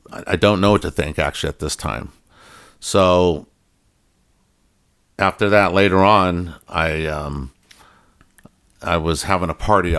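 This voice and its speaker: A man's voice: sits low, fairly bright tone. A middle-aged man telling a personal story in a casual, rambling way, full of fillers and restarts. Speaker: guest telling his story.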